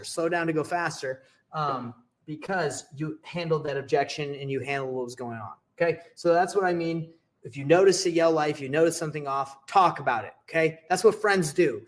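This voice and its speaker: A young man teaching real estate deals in a casual, energetic way, often checking in with "okay?" and acting out short sample phone dialogues. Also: on the high side.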